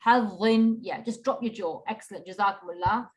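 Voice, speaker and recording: A woman leads an online recitation class over a video call, her voice sitting a little high. She is patient and encouraging and says sounds slowly so students can copy them. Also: lively intonation, a bit bright. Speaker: Qur'an recitation teacher.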